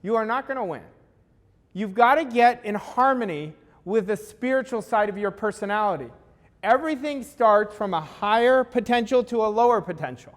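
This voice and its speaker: A man's voice: high voice, normal speed. A man giving a motivational talk as a coach, speaking emphatically and repeating key lines for weight. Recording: long hall reverb.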